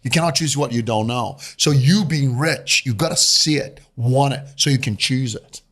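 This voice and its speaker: With a medium-pitched, fairly bright voice at normal speed, a man in his fifties from Brazil tells his story as an interview guest. He's an investor and native Portuguese speaker with a Brazilian accent who brings voices to life animatedly.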